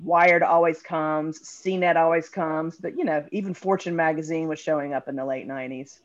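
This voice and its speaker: A middle-aged woman guest on a podcast, speaking briskly with dry humor. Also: sits low, steady tone. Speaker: podcast guest, PR agency co-founder. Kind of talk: casual interview chat. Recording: dull lo-fi sound.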